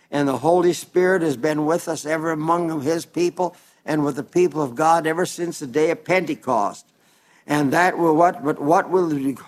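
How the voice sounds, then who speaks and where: Earnest preacher, slightly high male voice. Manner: earnest, plain-spoken, addresses listeners as dear friends; reads scripture aloud slowly and deliberately. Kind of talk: sermon.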